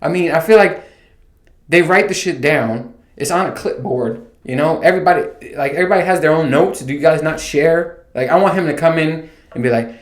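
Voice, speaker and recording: A man's voice: a little high, a little fast. A man hosting a podcast, telling a profane, exasperated comic rant in a casual way. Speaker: podcast host. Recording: roomy echo.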